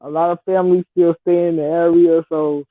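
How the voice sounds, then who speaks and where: Brisk and level-toned, this fairly low-voiced woman in her thirties vlogs a story in a blunt, laid-back manner. She's from Detroit, Michigan, with a Southern-tinged Detroit accent, recorded dry and tinny like a phone, without room sound.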